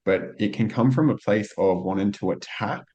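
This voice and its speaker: A man's voice: on the low side, moderate pace, a little mellow. A man hosting a podcast, reflecting aloud and building on his guest's points. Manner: reflective, thinks aloud with restarts and fillers. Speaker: podcast host. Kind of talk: casual interview talk. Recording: dull lo-fi audio.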